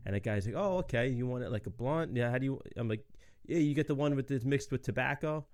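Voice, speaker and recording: A man's voice: medium pitch, fast, a little mellow, dry recording, clean studio sound. A young adult man hosting a podcast, telling stories in a laid-back way, swearing freely and laughing often. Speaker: podcast host. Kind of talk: casual storytelling chat.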